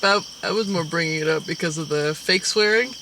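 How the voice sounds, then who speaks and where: A woman's voice: fairly low pitch, brisk, creaky, noisy background. A woman co-hosting a casual movie review, talking in a blunt, profane, exasperated way. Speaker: co-host.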